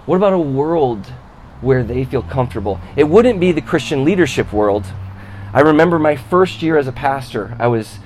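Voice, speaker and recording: A man's voice: mid-range voice, lively intonation, normal speed, darkish tone, a little hiss or hum. A man preaching a sermon as pastor, talking conversationally, asking rhetorical questions and calling out to the congregation. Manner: calls out to the congregation for response.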